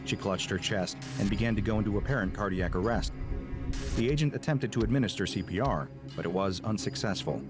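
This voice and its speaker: A man giving scripted narration of a story in a measured, storytelling manner. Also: fairly low pitch. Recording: narration with loud music.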